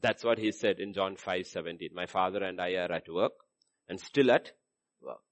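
A man preaching a sermon, moving from low musing asides to loud, animated passages where he acts out the voices of the people he quotes. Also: normal speed. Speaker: pastor.

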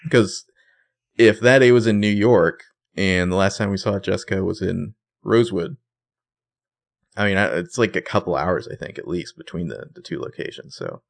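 Deep, gravelly man recapping a show. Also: moderate pace. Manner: animated retelling, acts out quotes. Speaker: podcast co-host. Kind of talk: casual recap chat.

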